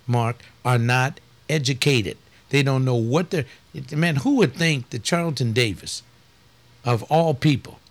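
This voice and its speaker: A man who is a pastor and talk host speaks in a blunt, folksy way, like casual preaching. His voice sits at an ordinary middle pitch. He leans hard on key words and stretches them out for emphasis.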